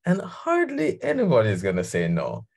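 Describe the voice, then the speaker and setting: A man's voice: mid-range voice, huge pitch swings, normal speed, creaky, darkish tone. A man coaching leaders, talking conversationally over a video call and laughing easily. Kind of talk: guest talk on a video call.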